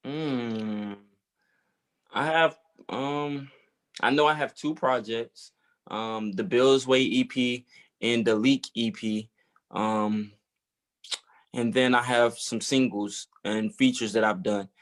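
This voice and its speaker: In a casual interview, a musician guest from Georgia in the US responds slowly and hesitantly, leaning on lots of fillers, his voice sitting in the mid range.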